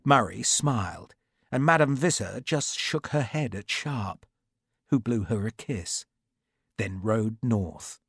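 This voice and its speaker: A man reading an audiobook in a measured, even storytelling manner. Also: on the low side, slightly rough, dry recording, clean studio sound. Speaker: audiobook narrator. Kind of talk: scripted audiobook narration.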